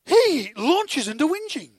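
A man with an Australian accent preaches a sermon, telling the story with animated asides and rhetorical questions to his audience. His voice is very high-pitched and unhurried, and the recording is dry.

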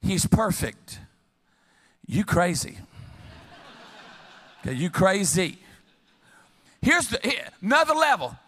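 Gravelly, humorous preacher in a reverberant hall. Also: male voice, high-pitched, slow pace, pauses often. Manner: humorous, animated storytelling with call-and-response. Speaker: pastor. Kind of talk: sermon. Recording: long reverb of a large hall.

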